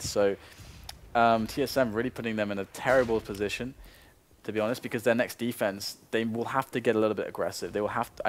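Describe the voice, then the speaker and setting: A man doing live play-by-play commentary on an esports match. He explains the game calmly and builds to excited bursts on big plays. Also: on the low side, slight background noise.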